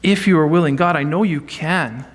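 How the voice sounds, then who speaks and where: Man preaching a lively sermon. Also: on the high side, moderate pace. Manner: conversational, animated teaching with acted quotes. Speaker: pastor. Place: church sanctuary.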